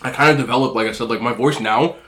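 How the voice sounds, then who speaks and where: Eating on camera, a male food vlogger chats casually and rambles in a quick, mid-range voice that's slightly nasal and a bit bright. It's a relaxed mukbang session where he keeps talking between bites.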